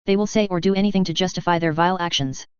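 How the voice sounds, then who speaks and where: An indignant older company spokesman, as a woman narrator reads him. The voice is low and very clear. The recording is dry and a little dull. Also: fairly even intonation, very fast, no room sound, close to an everyday voice. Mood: defensive. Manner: defensive, indignant. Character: older male corporate spokesman, defensive.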